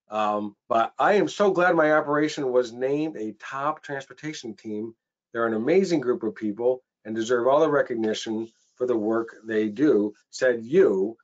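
A chatty man hosting a panel webinar over a video call, rambling a little and restarting his sentences. His voice is at a middle pitch and the audio sounds dull and lo-fi. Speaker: webinar host. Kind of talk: casual webinar panel chat.

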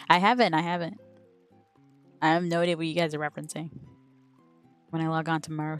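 Giggly woman streamer, low voice. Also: quick pace, soft background music. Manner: giggly, stumbling over a tongue twister. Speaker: game streamer. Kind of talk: casual live-stream chat. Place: home streaming setup.

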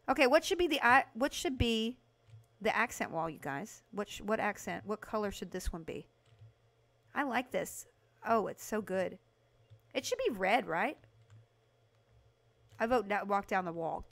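A woman livestreaming a house renovation game, chatting casually with her viewers and breaking into excited bursts. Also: mid-range voice, a little slow, long pauses. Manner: chatty, talks to chat by name, excited bursts. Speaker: livestream host playing a video game. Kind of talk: casual live game commentary.

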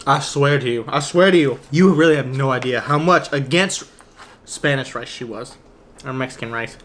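A man co-hosting an eating show, talking between bites in an easy, casual way. He is emphatic and teasing, and his pitch sits in the middle. A faint noise hums behind him. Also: moderate pace, a bit bright. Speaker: mukbang co-host. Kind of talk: casual chat while eating.

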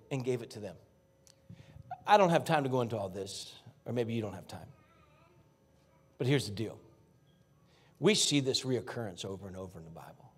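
A guest pastor preaches a fervent sermon in a church sanctuary, speaking folksy and directly to the congregation. His slightly rough, mid-range voice drops to hushed whispers and rises to near shouts.

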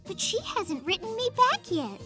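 A woman's voice: very high voice, very animated, moderate pace, music in the background. A woman voicing an upbeat young female teammate in a video game, speaking in an earnest, eager way.

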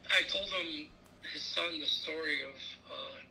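A man as a guest in a casual interview, telling stories in a rambling, animated way. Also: fairly high pitch, unhurried, vocal fry, a little hiss or hum, rough recording.

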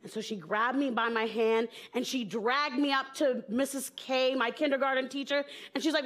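A woman's voice: high-pitched, steady tone, moderate pace, few pauses, fairly bright tone. A woman comedian from the southern United States, telling playful stories on stage before a live audience. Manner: playful, storytelling with jokes. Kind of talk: stand-up talk on stage.

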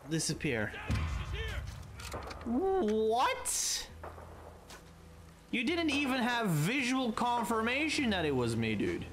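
With game sounds running underneath, this gamer offers casual, playful let's-play commentary in a mid-range, fairly bright voice. Swearing is frequent, and the on-screen enemies get taunted.

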